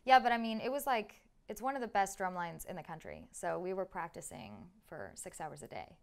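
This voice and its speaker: A woman's voice: lowish voice, animated, a little fast, gravelly. A woman in her twenties, a podcast guest, chatting casually with many "like"s and "um"s. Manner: chatty, lots of "like" and "um". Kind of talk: casual interview chat.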